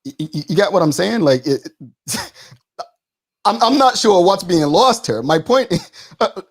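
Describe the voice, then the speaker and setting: Fast-talking man in his forties. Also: sits high, sing-song, breathy edge. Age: 40s. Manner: fast, emphatic, repeats words. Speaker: talk show co-host. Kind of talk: studio debate.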